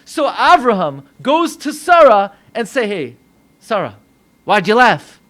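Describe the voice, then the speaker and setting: An American man, a rabbi, preaching a sermon with animated delivery, acting out voices in dialogue. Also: high-pitched, measured pace. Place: synagogue.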